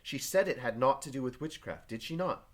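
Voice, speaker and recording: A man's voice: mid-range voice, expressive, brisk, close to an everyday voice. A man reading a reserved, cold farm wife. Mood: guarded. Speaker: teacher reading a play aloud. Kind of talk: reading play aloud to a class.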